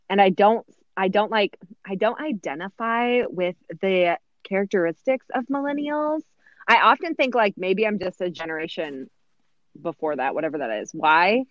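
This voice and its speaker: A woman in her thirties co-hosts a podcast recapping a sitcom episode, chatting casually with plenty of fillers and laughter. Her medium-pitched voice comes through lo-fi with no room sound.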